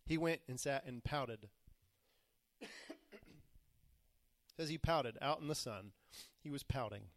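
A man's voice: mid-range voice, slow, long pauses, dry recording, studio quality. A man preaching a sermon, retelling scripture in plain, modern words and acting out the quoted voices. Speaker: pastor.

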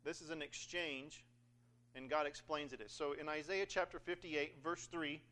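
A man's voice: fairly high pitch, fairly even intonation, unhurried, pushed and bright. A man preaching a sermon in a conversational, joking way, acting out scripture passages. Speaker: pastor.

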